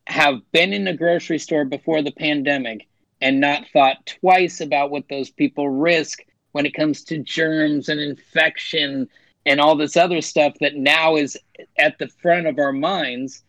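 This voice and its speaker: A man who hosts a morning radio show, chatting as a guest and joking in a lively way. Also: a little high, unhurried, dry recording, low-quality recording. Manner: joking, animated storyteller. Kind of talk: casual chat.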